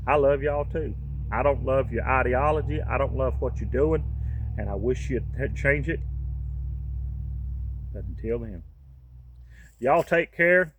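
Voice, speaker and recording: A man's voice: medium pitch, a little hiss or hum. Folksy man ranting to camera. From United States. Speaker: vlogger. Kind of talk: impassioned monologue to camera.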